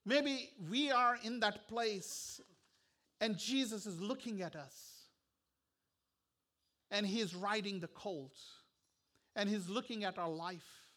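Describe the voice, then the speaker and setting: A male pastor delivering a sermon with earnest, repetitive phrasing that sometimes drops to a hushed tone. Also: high-pitched, slow, pauses often. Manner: earnest, repetitive preaching with soft, hushed stretches.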